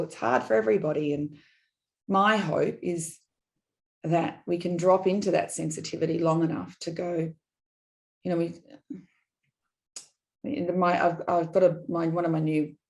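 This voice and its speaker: A middle-aged woman, a podcast guest, telling personal stories in an animated, digressive way and acting out quoted dialogue. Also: sits low. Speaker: guest, business consultant. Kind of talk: candid personal storytelling in a podcast interview.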